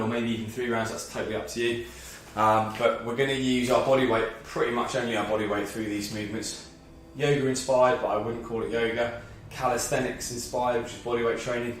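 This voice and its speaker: A man's voice: mid-range voice, very echoey, far from the mic. Out-of-breath man guiding a workout. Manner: encouraging, talks through each move step by step. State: slightly out of breath. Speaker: fitness instructor. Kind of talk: guided exercise class.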